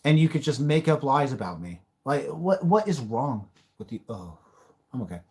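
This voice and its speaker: A man's voice: mid-range voice, big pitch swings, moderate pace, a little mellow, a little hiss or hum. A man hosts a live stream in a mid-range voice. He talks bluntly, rants and raves at times, and swears freely. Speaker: livestream host. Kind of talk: live-stream reaction chat.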